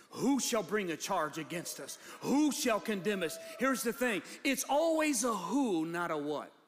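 Pastor, male, high bright voice, shouting sermon, long hall reverb. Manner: swings from low, quiet asides to shouted, rising preaching. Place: church hall.

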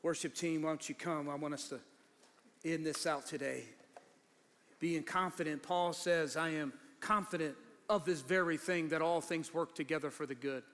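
High-voiced preacher man in a reverberant hall. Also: fairly even intonation, normal speed. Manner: conversational preaching that builds to shouted fervor. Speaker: pastor. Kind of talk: sermon.

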